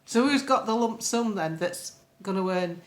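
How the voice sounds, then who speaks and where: A woman's voice: medium pitch, expressive, normal speed. A woman giving casual political commentary, chatty and rambling, with many fillers and sarcastic asides. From England. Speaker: political vlogger.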